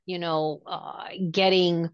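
A woman co-hosting a spirituality show in casual chat, talking in a meandering, halting way full of "you know" fillers. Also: lowish voice, flat delivery, clear, resonant tone, no echo. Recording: dull lo-fi dry audio.

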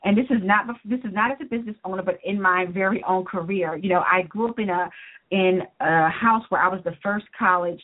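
A woman's voice: mid-range voice, a little fast. Woman coach, earnest motivational talk, sounds like phone audio. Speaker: business coach and author. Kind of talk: interview guest on a talk show. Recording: tinny phone-line sound.

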